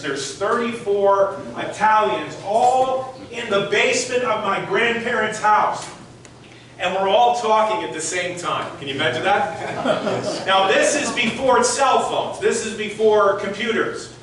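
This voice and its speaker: A man's voice: sits high, a bit bright, slight background noise. A man in his sixties giving a storytelling talk on stage, speaking conversationally and directly to the audience while demonstrating with his hands. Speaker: motivational speaker. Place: large hall with audience. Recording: echoey hall from far off.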